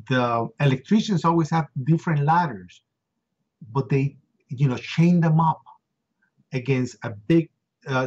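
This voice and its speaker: A middle-aged man, an interview guest, recounting a harrowing first-hand story with emotion, repeating words and acting out shouts. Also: mid-range voice, husky, lo-fi sound.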